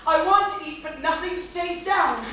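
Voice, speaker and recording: Woman acting as a whiny insistent petitioner, very high voice, echoey theater from far off, noisy. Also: normal speed, sharp tone. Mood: melodramatic. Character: pestering woman petitioner, feigns frailty. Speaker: stage actor. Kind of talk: live stage comedy acting. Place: small theater stage.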